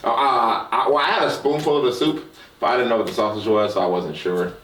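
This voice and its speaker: A man's voice: medium pitch, fairly even intonation, a little fast, fairly bright tone, roomy sound, distant mic. A man co-hosting a casual podcast, joking and swearing freely. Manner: loose, joking, swears a lot. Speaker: podcast co-host.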